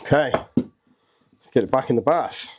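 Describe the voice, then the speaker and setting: A man's voice: medium pitch, measured pace, very noisy. A man hosting his own video, talking casually and a bit nervously as he narrates a hands-on job step by step. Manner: chatty, nervous and excitable, thinking aloud as he works. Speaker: channel host.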